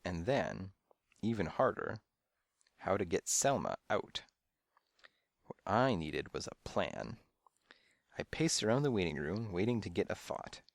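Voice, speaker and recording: A man narrating a children's mystery audiobook in first person, with expressive, playful storytelling. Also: deep voice, unhurried, creaky, pauses often, dry recording, studio quality.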